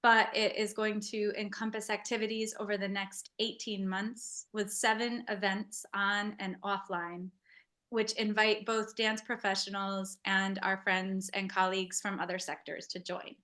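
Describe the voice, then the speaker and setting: A woman in her forties introducing herself as project coordinator on a video call, earnest and measured. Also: medium pitch, flat delivery, bright, forceful tone. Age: 40s. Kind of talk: online meeting introduction.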